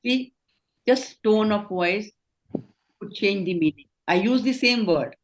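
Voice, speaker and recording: A woman's voice: mid-range voice, unhurried, slight background noise. A middle-aged woman with an Indian accent, leading an online training session, explaining and affirming answers. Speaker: communication trainer.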